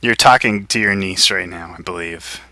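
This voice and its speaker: A man running a tabletop game as game master, brisk and wry as he narrates and steers the players. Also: low voice, sharp tone, no echo.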